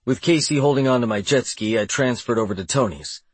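A man's voice: medium pitch, a little fast, breathy edge, no echo. A man narrating a first-person audiobook in a wry, sardonic way.

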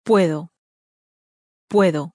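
A woman reads drill phrases slowly and evenly, saying each one twice for learners. Her voice is dry and close to the mic, with no room sound. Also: fairly low pitch, mellow, no room sound. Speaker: native-speaker voice for language drills. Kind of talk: slow model pronunciation in drills.

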